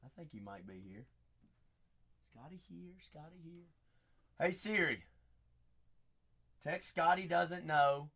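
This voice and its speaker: Speaking slowly with long pauses, a man with a fairly high, raspy voice hosts a live card break stream. He chats with viewers, hypes them up, and shouts out names.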